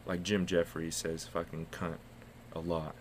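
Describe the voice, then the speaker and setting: A man's voice: low voice, little pitch movement, measured pace, noisy background. A man from the United States co-hosting a casual podcast, telling rambling, profane stories. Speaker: podcast co-host.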